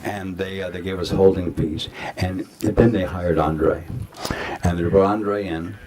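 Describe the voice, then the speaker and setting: A man's voice: low-pitched, steady tone, takes it slowly, a little mellow. An older man, a guest actor at a festival Q&A, telling rambling anecdotes full of acted-out quotes. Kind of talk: festival Q&A storytelling. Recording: audience noise in a festival hall.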